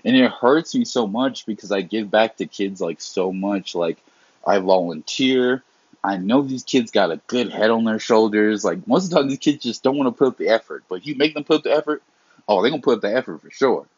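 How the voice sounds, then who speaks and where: A man's voice: fairly low pitch, brisk, breathy edge, no echo, lo-fi sound. A young man in a heated, profane, rambling monologue, often restarting his sentences. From immigrant family. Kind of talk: casual unscripted monologue.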